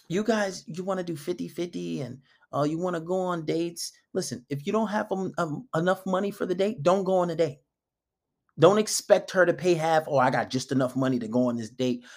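A man giving dating advice in a casual monologue, blunt and emphatic, often acting out quoted dialogue. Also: sits high. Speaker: dating coach.

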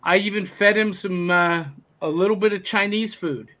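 A man hosting a podcast over a video call, reading out listener comments in a relaxed, chatty way. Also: high voice, normal speed. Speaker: podcast host.

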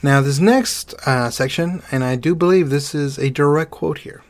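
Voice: medium pitch, moderate pace. A podcast co-host narrating history casually with playful puns. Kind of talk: comedic history storytelling.

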